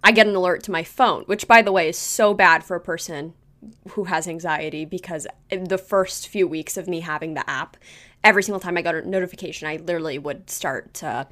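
A woman's voice: lowish voice, a little fast, a bit bright. A woman co-hosting a podcast, chatting casually and laughing as she tells a story. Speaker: podcast co-host. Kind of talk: casual chat. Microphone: video call on computer.

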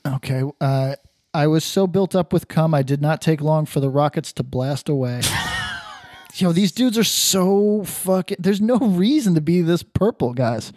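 A man co-hosting a podcast in casual crude chat, reading reviews aloud with loud laughing bursts. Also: fairly high pitch, lively intonation, measured pace, no room sound, clean studio sound. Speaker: podcast co-host.

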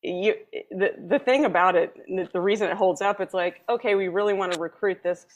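A woman's voice: mid-range voice, fairly quick. Joking woman co-hosting a podcast. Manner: joking, teasing, crude asides. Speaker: podcast co-host. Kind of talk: casual chat.

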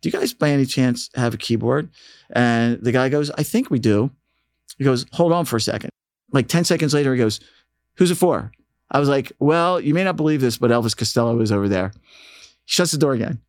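A man's voice: medium pitch, fairly quick, no room sound. A man telling stories about his radio station work in a casual interview, acting out quotes with a raised voice. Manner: animated storyteller, acts out quotes in raised voice. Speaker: radio station staffer and guest.

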